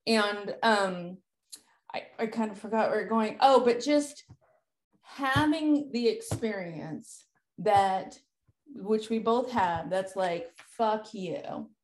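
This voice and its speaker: A woman's voice: mid-range voice, takes it slowly, echoey room. A woman hosting a conversation who tells a personal story candidly, swearing freely and using lots of filler words. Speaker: podcast host.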